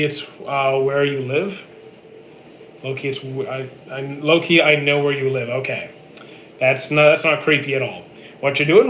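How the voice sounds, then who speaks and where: A man in his thirties from Canada, chatting casually on a live stream and answering viewer comments in a relaxed, dry way. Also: mid-range voice. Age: 30s. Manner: relaxed, dry, answers chat questions flatly. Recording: echoey room with faint noise.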